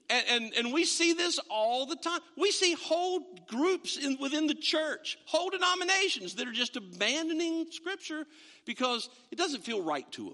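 A man preaching with a high, bright voice that leaps up and down as he acts out the people he describes. His sermon rings through a large hall with a long reverb. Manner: animated, acts out imagined voices. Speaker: pastor.

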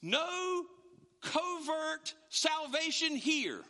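A man preaching a sermon as a pastor, in an animated, conversational way with frequent restarts. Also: high-pitched, normal speed, pauses often, long reverb tail.

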